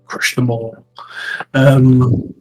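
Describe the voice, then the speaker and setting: A man role-playing his character in a tabletop game, speaking haltingly with many pauses. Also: medium pitch, flat delivery, faint music behind, poor audio. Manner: halting, measured, many fillers. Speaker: player.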